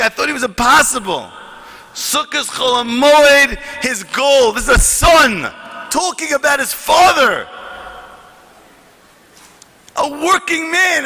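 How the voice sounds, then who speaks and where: High, bright-voiced man speaking fervently. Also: long reverb tail. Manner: fervent, rising to shouts, reads letters aloud. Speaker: conference speaker. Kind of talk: impassioned speech to an audience.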